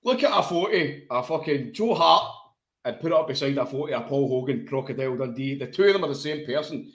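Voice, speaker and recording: A man's voice: mid-range voice, lively intonation, quick pace. A man with a Glaswegian Scottish accent co-hosting a football podcast, talking in blunt, sweary banter. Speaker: podcast co-host. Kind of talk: casual football chat. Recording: echoey room.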